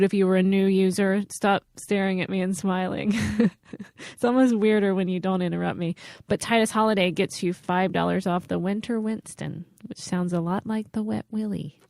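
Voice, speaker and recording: A woman co-hosts a comedy podcast with dry, mocking banter. Her voice sits at a middle pitch. The recording is close and dry. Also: steady tone, normal speed, creaky, darkish tone, no room sound. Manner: dry, teasing sarcasm. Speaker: podcast co-host. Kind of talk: casual comedy banter and ad read. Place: podcast studio.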